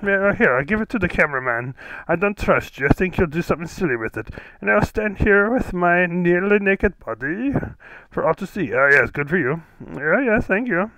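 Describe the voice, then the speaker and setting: A man puts on an earnest, rambling guest who insists his clothes keep vanishing. The voice sits high and swoops widely in pitch, with a giggly edge. It is recorded close and dry. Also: lively intonation, moderate pace, bright, forceful tone, no echo, heavily acted, rough recording. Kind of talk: improvised comedy sketch.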